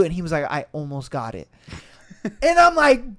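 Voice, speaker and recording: A man hosting a podcast, telling a story casually, acting out quotes and swearing often. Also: a little slow. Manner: animated, acts out quotes with shifting pitch and volume, laughs and swears often. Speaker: podcast host.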